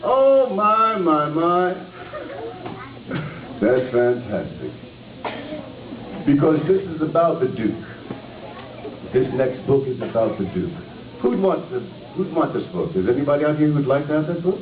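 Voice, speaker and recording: Actor reading to schoolkids, playful and questioning, lively pitch; recorded by a distant camera in a noisy, roomy hall, sounding tinny. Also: male voice, normal speed, pauses often. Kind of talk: reading aloud and talking with children.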